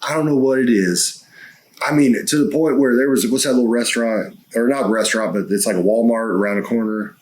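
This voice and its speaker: A man co-hosting a podcast, telling stories in a folksy, profane, excitable way. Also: mid-range voice, fairly quick. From United States. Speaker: podcast co-host, wrestler. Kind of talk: casual chat.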